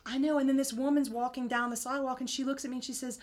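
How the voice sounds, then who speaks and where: A woman telling her story as an interview guest, chatty and animated. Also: rapid-fire. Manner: chatty, animated, rises high when quoting others. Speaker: singer and guest.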